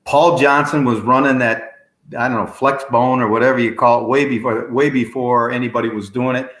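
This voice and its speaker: Storytelling man host in an echoey room. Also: mid-range voice. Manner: animated storyteller, quick asides. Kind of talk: casual interview chat.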